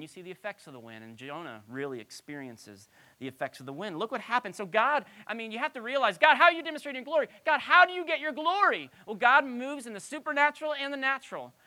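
A woman pastor delivers a conversational sermon with a clear, bright tone. Her pitch rises and falls widely as she poses rhetorical questions to her listeners, keeping the teaching lively and animated.

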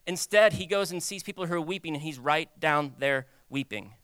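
Bright, animated young preacher man. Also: a little high, brisk, smooth, dry recording. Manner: animated, conversational, acts out quoted voices. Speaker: pastor. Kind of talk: sermon.

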